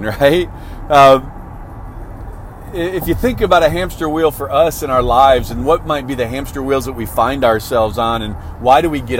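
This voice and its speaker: A man's voice: mid-range voice, a little hiss or hum. Man giving a conversational motivational talk. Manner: conversational, frequent "right?" tags and restarts. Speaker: motivational speaker.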